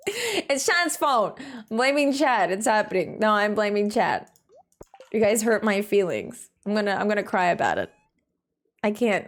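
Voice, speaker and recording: A woman casually chatting as a game streamer, playful and teasing and quick to laugh. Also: medium pitch. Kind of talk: casual live-stream commentary.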